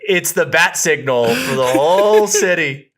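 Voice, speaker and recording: A man's voice: fairly high pitch, big pitch swings, unhurried, a bit bright. A man co-hosting a comedy podcast, chatting casually and joking, often restarting and trailing off mid-sentence. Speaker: podcast co-host. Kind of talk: casual chat.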